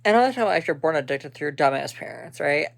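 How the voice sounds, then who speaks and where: A woman's voice: low voice, animated, fast, gravelly. A young woman vlogging in a rambling, blunt, profane way, full of fillers. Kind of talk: casual vlog chat.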